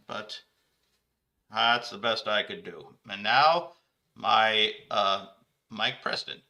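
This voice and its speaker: A man's voice: mid-range voice, takes it slowly, sharp tone. A man hosting a comedic sports talk show, rambling through his points with self-corrections. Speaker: show host.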